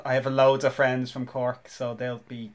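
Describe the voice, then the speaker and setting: A man's voice: mid-range voice, completely flat delivery, moderate pace. A man from Ireland, a podcast guest, explaining a topic hesitantly with many restarts.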